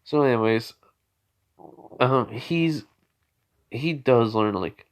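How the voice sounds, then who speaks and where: A sleepy man talks through a story off the cuff, in a voice of ordinary middle pitch. He keeps stopping to correct himself, filling the gaps with um and like. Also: slow. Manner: rambling, self-correcting, many fillers. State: tired, yawning. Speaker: fan storyteller. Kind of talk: unscripted casual storytelling.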